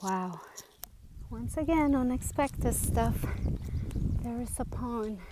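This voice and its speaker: A woman's voice: a little high, lively intonation, slow, background noise. A woman vlogging on a mountain trail, chatting to the camera in a casual, easily delighted way and sometimes short of breath from the climb. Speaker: hiking vlogger.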